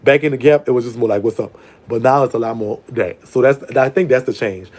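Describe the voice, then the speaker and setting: Sassy new guy hosting a call-in, talks real quick, laughs a lot, calls everyone girl. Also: mid-range voice, a little mellow. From New Orleans, USA. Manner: sassy and playful, laughs often, calls people girl and baby. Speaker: call-in show host. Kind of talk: casual live call-in chat.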